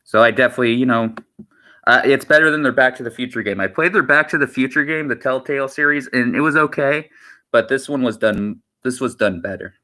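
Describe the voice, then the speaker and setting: A man's voice: medium pitch, a little fast, bright, forceful tone. A man chatting casually on his livestream, rambling and repeating himself with lots of filler words. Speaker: streamer.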